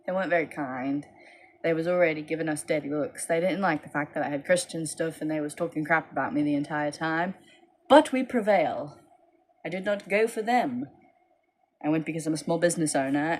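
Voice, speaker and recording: A tired young woman tells a rambling storytime vlog into her phone. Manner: tired, rambling, animated with high-pitched quoted voices. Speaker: small business owner vlogging.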